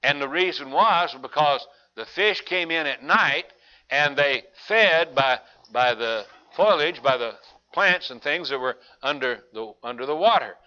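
A man's voice: a little high, expressive, unhurried, bright, forceful tone. A man who preaches a Bible study in a folksy, conversational way, often repeating and restarting phrases. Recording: dull lo-fi recording.

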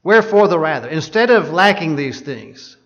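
A man's voice: a little high, lively intonation, normal speed, fairly bright tone. A man preaching a sermon, reading scripture aloud and asking his listeners rhetorical questions. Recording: dull lo-fi sound.

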